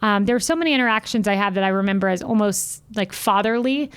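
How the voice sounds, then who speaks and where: A fast talker with a smooth, mid-range voice, this woman in her thirties is a guest being interviewed. She tells personal stories in an earnest, heartfelt, and animated manner.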